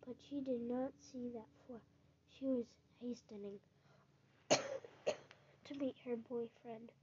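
A woman reads a children's book aloud in a gentle storytelling manner, now and then stumbling over a word and restarting it. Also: fairly high pitch, fairly even intonation, slow pace, slight background noise. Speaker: narrator. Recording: dull lo-fi recording.

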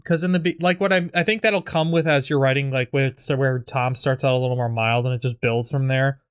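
A man's voice: medium pitch, steady tone, brisk, clean tone. A man in casual chat about a comedy sketch, rambling with many filler words and acting out lines. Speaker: comedy writing partner.

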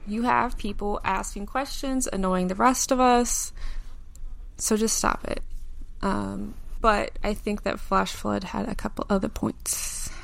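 A woman co-hosting a podcast in casual chat, calmly explaining points and reading from notes. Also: mid-range voice, measured pace, creaky. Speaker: podcast co-host.

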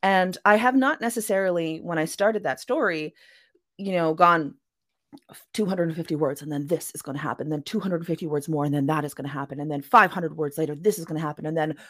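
Speaking a little fast in a low voice, this woman author chats easily on a podcast interview. She makes her point by playing out small quoted voices.

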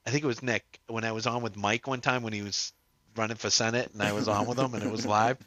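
A man hosting a podcast in casual chat, animated and laughing, tripping over his words. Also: lowish voice, quick pace. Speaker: podcast host.

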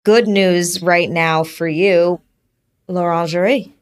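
A woman's voice: fairly low pitch, fairly even intonation, takes it slowly, clean tone. A woman hosting a podcast interview, asking short questions and affirming her guest. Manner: brief prompting questions and affirmations. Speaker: podcast host. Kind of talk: interview conversation.

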